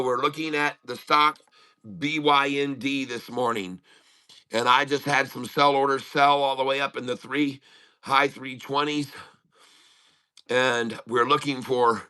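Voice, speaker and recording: A middle-aged man runs a relaxed day-trading stream from home, chatting and talking to himself while he works on his audio. His medium-pitched voice comes across bright, forceful, and smooth, carrying a slight lisp.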